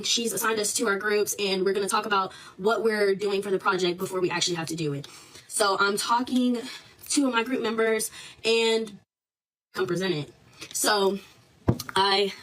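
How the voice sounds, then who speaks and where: A woman's voice: medium pitch, a bit bright, a little hiss or hum, rough recording. A woman in her twenties, a student, candidly telling her side of a story in a casual vlog recorded on her phone. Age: 20s. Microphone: phone camera.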